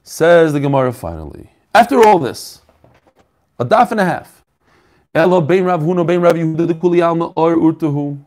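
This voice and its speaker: A man's voice: on the high side, lively intonation, brisk, darkish tone. A man teaching a Talmud lesson, asking questions and answering them, repeating his phrases as he explains. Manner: mixes Yiddish-flavored terms into English. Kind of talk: daf shiur, teaching aloud.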